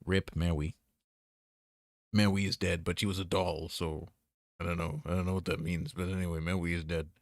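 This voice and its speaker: A man's voice: low voice, little pitch movement, moderate pace, vocal fry, dry recording, clean studio sound. A man streaming a game, reading its text aloud with jokey, mock-dramatic commentary into a desk mic. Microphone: desk mic with noise gate.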